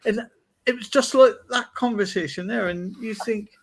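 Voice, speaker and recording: A man's voice: sits high, moderate pace. A man from England telling rambling anecdotes in a casual podcast chat over a video call. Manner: rambling anecdotal storytelling with many fillers. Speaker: podcast host.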